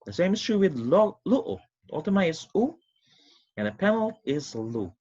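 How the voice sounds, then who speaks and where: A man teaching a recorded online lesson in a husky, slightly breathy voice. His pitch swoops high and low as he stresses points, and he slows down to draw out examples. The recording sounds dull and lo-fi. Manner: lively, swooping pitch with slow drawn-out examples.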